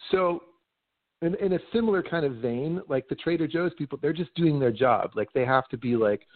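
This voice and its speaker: Excitable man talking on a thin, phone-like line. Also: fairly high pitch, normal speed, no room sound. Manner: animated, mimics others in raised voices; swears freely, says "like" often. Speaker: podcast host. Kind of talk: casual conversation. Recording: dry, phone-like narrow sound.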